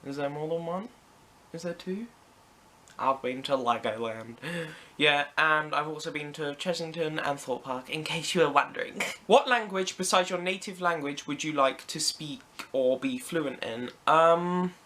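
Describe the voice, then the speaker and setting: A man's voice: fairly high pitch, unhurried, pushed and bright. A British teenage boy answering random questions to camera in a chatty, playful way with jokey asides. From Britain. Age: teens. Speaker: vlogger. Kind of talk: casual Q&A to camera.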